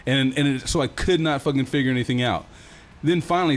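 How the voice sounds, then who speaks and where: A young man telling a wild story in casual, profane, animated talk. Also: mid-range voice, fast, soft background music. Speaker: guest telling a travel story.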